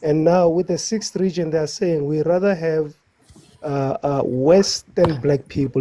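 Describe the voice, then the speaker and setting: A man's voice: fairly high pitch, moderate pace, dark tone, slight background noise. A man on a live online panel who asks the others a question and keeps explaining at length, insisting on finishing. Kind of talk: casual debate.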